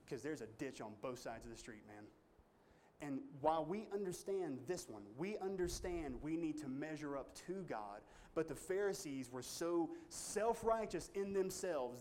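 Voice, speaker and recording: A man's voice: a little mellow, slight background noise. Emphatic preacher, man. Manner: emphatic, folksy, rising to high pitch when stirred. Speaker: pastor. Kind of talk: sermon.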